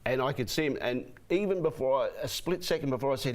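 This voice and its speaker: Give me a hoarse man, a race caller telling chatty stories as a guest. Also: mid-range voice, fast talker. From Australia. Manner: chatty, animated anecdotes with repeated "you know what I mean". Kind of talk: interview guest storytelling.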